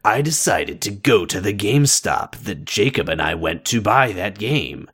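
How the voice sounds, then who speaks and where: A co-reader takes turns on a horror story played for comedy. The voice has a lively, swinging pitch, and the delivery is full of wisecracks. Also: a little slow, few pauses, breathy edge. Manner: wisecracking, yelps into high shouts. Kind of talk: comedic dramatic reading.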